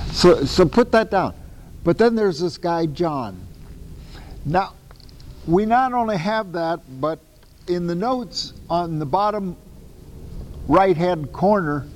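A man giving a lecture on the Bible to a class, talking in an animated, emphatic way with casual asides and self-corrections. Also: high voice, long reverb tail, a little hiss or hum, poor audio. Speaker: Bible teacher.

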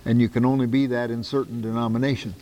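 A man preaching a Bible-teaching sermon, reading verses aloud and breaking in with his own asides, swinging between loud and soft. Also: mid-range voice, flat delivery, quick pace, slight background noise. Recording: long reverb of a large hall.

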